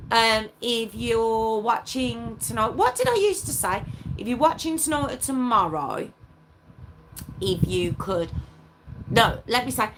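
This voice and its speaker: Young woman livestream host, crisp bright tone, chatty and playful with her commenters. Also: fairly high pitch, a little hiss or hum. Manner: chatty, laughing, reads out viewer comments. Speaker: true crime livestream host. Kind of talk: casual live chat with viewers.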